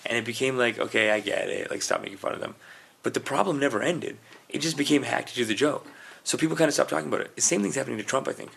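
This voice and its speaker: Gravelly dude talking fast on a comedy podcast, rambling stories, bit of faint hiss. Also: male voice, mid-range voice, a bit bright. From Canada. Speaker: podcast co-host. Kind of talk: casual comedic chat. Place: indoors, podcast recording.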